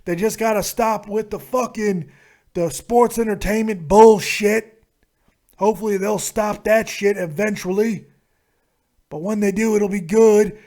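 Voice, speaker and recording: Casting: brash cursing wrestler type, loud and blustery , put on by a man. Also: sits high, fairly even intonation, unhurried.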